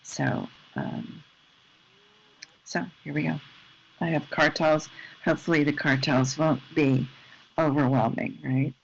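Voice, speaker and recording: Unhurried scripture-class host, gritty tone, gentle asides, dull lo-fi sound. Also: mid-range voice, steady tone, vocal fry, slight background noise. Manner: slow, soft-spoken and unhurried, with gentle asides. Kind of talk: informal scripture reading and commentary. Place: at home in the evening. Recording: slightly dull lo-fi recording.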